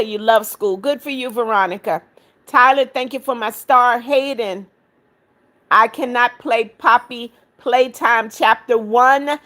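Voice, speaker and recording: Brisk woman reading live chat aloud. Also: on the high side, a bit bright. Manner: firm, scolding rude commenters, affectionate to others. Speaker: livestream host reading chat.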